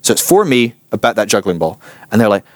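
A man's voice: fairly low pitch, fast, no room sound. Chatty man teaching a class. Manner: chatty, animated, acts out quotes. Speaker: church teacher. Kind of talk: informal teaching talk.

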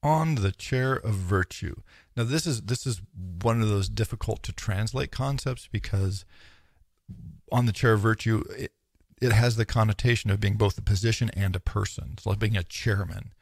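A man with a gravelly, husky voice, pitched a little low, lecturing on philosophy. He muses aloud, restarts his sentences and slips into quoted asides. The sound is dry and close. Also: normal speed, a little mellow, no echo. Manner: thoughtful, musing, with frequent restarts and quoted asides. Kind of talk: informal lecture.

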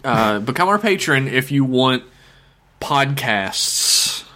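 A man's voice: mid-range voice, lively intonation, slow pace, sharp tone, slight background noise. Male co-host, casual podcast banter, joking and cursing. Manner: profane, joking, laughs often.

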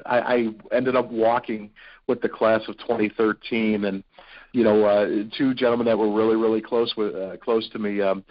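A podcast guest from Ohio, USA tells personal stories in an interview, earnest and rambling, with many fillers and restarts. His voice sits in the mid range, and the recording's highs are cut off.

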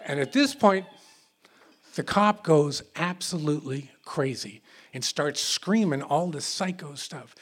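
A man telling a true story on stage before a live audience, animated and halting, with many restarts. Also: medium pitch, breathy edge.

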